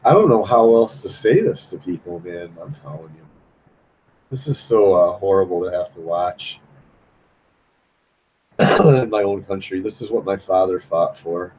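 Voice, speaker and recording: A man's voice: deep voice, expressive, a little slow, pauses often, a little mellow, a little hiss or hum, poor audio. A man chatting loosely on a live stream while he draws, rambling and repeating himself in a frustrated way. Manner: rambling, repetitive, frustrated, keeps saying "man". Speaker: live-stream host drawing.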